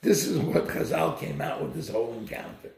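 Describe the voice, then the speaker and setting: A man giving a Torah lecture, telling stories in an animated, emphatic way, recorded in an echoey room. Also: on the high side, fairly quick, creaky. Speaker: Torah teacher.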